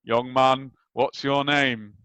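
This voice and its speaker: A man's voice: mid-range voice, flat delivery, slow, bright, forceful tone, clean tone, dry recording. Brusque older football manager with clipped, curt lines, as a man retells him. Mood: kindly. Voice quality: short, clipped commands.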